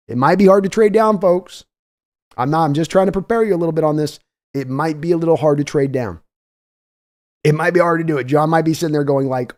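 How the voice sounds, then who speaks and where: A man hosting a live-streamed draft show, talking in a chatty, excitable way and reading viewer donations aloud. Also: fairly high pitch, a little fast, pauses often. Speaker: livestream draft host.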